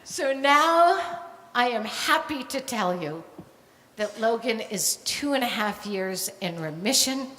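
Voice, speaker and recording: An older woman, a grandmother, telling a true story on stage at a live storytelling night, animated and acting out the voices of the people in it. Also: fairly high pitch, slow pace, a little hiss or hum. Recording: echoey hall with long reverb, faint ambience.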